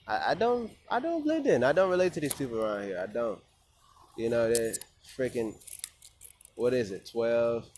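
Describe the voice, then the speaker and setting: A man's voice: mid-range voice, darkish tone. A man in a rambling, profane casual monologue who often repeats himself and restarts. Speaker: vlogger.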